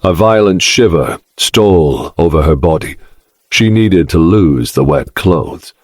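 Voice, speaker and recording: A man narrating a dark first-person romance audiobook in a slow, brooding manner. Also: sits low, animated, no room sound.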